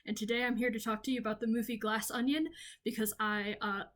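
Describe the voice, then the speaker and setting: Young woman from the American South, gushing off-the-cuff vlogger, restarts often, slightly high pitch. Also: little pitch movement, quick pace. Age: young adult. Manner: rambling with frequent ums and restarts; enthusiastic, gushing. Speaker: video creator. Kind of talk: off-the-cuff video essay.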